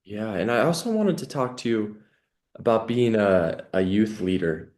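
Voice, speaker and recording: A man with a somewhat low voice hosts a casual podcast conversation. He talks in an earnest, reflective way and fills his sentences with "you know" and "like". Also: lively intonation, moderate pace, a little mellow. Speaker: podcast host.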